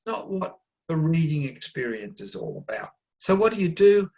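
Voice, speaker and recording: A man giving an online lesson on writing dialogue, explaining in an easygoing way and sometimes acting out quick bits of overheard chatter. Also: a little high, big pitch swings, gravelly, darkish tone. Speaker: writing teacher.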